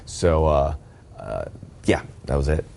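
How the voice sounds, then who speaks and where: A man's voice: extremely low pitch, animated, slow pace, gravelly, a little mellow. A middle-aged man co-hosting a sports radio show, chatting casually and joking about himself. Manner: self-deprecating, joking, loose. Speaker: radio co-host. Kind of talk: casual chat.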